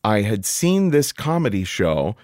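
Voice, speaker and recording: A middle-aged man with a fairly low voice tells a personal story in a relaxed podcast chat. His pitch swings widely and leaps up whenever he acts out what he once said. The sound is dry and close, with no room echo. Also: a little slow. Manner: animated, jumps in pitch when quoting himself. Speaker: podcast guest. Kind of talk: casual storytelling conversation.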